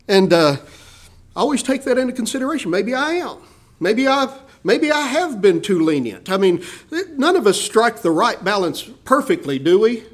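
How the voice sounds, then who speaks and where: Animated high-voiced male preacher. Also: normal speed. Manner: animated preaching, acting out quoted voices, rhetorical questions. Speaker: pastor. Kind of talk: sermon.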